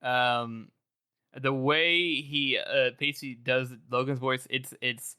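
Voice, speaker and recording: A man's voice: medium pitch, fairly even intonation, slow pace, bright, forceful tone, clear, resonant tone. A man co-hosting a podcast, chatting eagerly about a book with lots of restarts. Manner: enthusiastic, rambling with many restarts. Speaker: podcast co-host. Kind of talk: casual book discussion.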